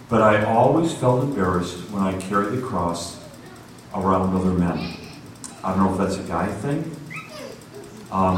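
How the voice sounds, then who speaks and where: A man's voice: deep voice, fairly bright tone. Guy telling a sermon story, acts out the voices, roomy hall with faint hiss. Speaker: preacher. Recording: roomy echo, distant from the mic, faint noise.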